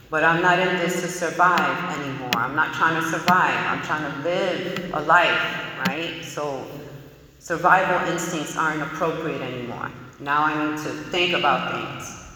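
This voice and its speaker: A woman telling her recovery story, frank and conversational, with lots of casual fillers. Her voice is strikingly bright and sharp. It rings out through a roomy hall with a long reverb tail. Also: low voice, distant mic, slight background noise. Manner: frank, conversational, many "you know" fillers. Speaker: person sharing a recovery story. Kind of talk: personal testimony talk.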